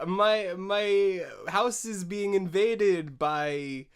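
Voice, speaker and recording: A fussy French president, played by a man with a mock French accent. He speaks slowly in a smooth, clear voice. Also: high-pitched, voice pushed up. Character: fussy middle-aged male French president.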